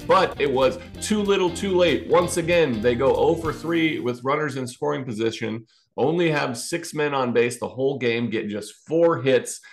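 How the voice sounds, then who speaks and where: A man's voice: medium pitch, normal speed. Man recapping baseball over faint music. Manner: conversational, recaps game stats with fillers. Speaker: podcast co-host. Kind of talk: casual sports recap chat.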